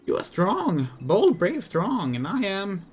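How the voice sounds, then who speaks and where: A fretful little kobold, high-pitched and whimpering, heaps woe upon woe, as a man puts him on. The voice sits well above a normal man's speaking pitch and keeps lurching between cries, with faint game music underneath. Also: wildly swooping pitch, slow, slightly rough, heavily acted. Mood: wailing. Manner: piles up gloomy synonyms, whimpering and pleading. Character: fretful wailing male kobold, small and timid.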